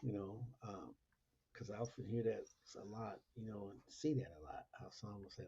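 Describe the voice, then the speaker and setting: A man's voice: lowish voice, steady tone, moderate pace, gravelly, warm tone, slightly rough. A man hosting a casual Christian talk monologue, asking repetitive rhetorical questions and laughing often. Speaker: Christian talk show host. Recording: lo-fi dull recording.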